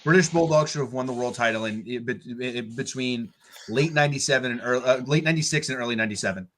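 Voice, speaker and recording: A man's voice: mid-range voice, fast talker, a bit bright, a little hiss or hum. A man co-hosting a casual chat, rambling with many restarts. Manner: rambling, restarts, laughs easily. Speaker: podcast co-host.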